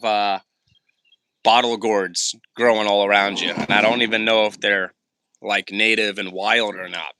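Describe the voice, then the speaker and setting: A man's voice: lowish voice, pushed and bright, slight background noise. A man hosting a casual livestream Q&A for his homesteading channel, reading out viewer comments and rambling through survival tips with frequent self-corrections.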